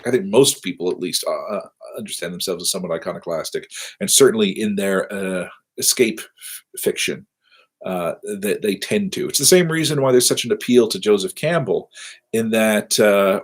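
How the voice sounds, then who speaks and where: A middle-aged man giving a casual live-streamed university lecture from his office, rambling and self-deprecating with lots of fillers. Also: fairly low pitch.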